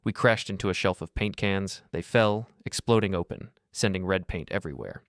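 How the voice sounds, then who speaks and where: An older man narrating a dramatic first-person story in a steady, scripted manner. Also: sits low, moderate pace, creaky, no room sound, studio quality.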